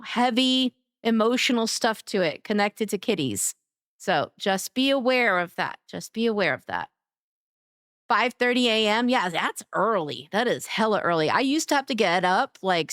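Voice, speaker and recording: A woman streamer chatting casually with her live chat, greeting viewers by name in an affectionate way, her voice a little raspy. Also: on the high side, a bit bright, no echo, studio quality. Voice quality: somewhat raspy today.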